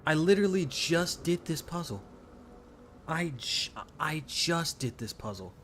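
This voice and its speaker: This man's voice is fairly high and sing-song, a little slow and a bit bright, with a faint hiss or hum in the recording. Frustrated during a game stream, he curses heavily in his live commentary, repeating himself and abandoning sentences to begin again.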